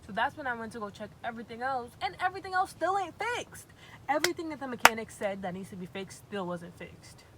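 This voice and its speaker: A young woman from Massachusetts telling a storytime vlog with animated, profane, exasperated storytelling. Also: on the high side, fast, background noise. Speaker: vlogger.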